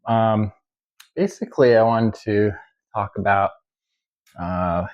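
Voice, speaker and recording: A man, a violinist, musing in a casual monologue, hesitant and full of pauses and fillers. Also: low voice, low-quality recording. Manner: slow, hesitant, many ums and uhs. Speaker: violinist vlogger.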